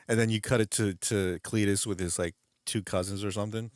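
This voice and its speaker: Rambling man with a low voice. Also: steady tone, brisk, a little mellow, no room sound, clean studio sound. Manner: rambling, laughs often, restarts sentences. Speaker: channel host. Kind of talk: casual chat to viewers.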